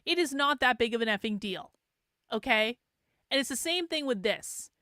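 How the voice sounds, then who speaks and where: A woman's voice: on the high side, lively intonation, normal speed, sharp tone, no echo, clean studio sound. A woman host from New Hampshire, sarcastically commenting on video clips in a blunt, casual way. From New Hampshire, USA. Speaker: show host reacting to clips.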